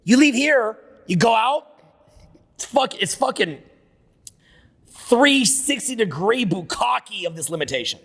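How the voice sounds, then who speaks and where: A man's voice: high voice, animated, unhurried, pauses often, fairly bright tone, husky, big-room sound. A man giving a live seminar talk, brash and profane, riffing off the cuff. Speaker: seminar speaker. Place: seminar room with an audience.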